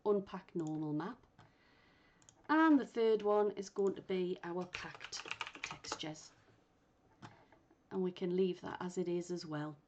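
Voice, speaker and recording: A woman instructor guiding learners step by step through a software tutorial, thinking aloud as she works. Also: on the low side, slow pace, pauses often, slight background noise. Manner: patient, thinks aloud while working. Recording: muffled lo-fi recording.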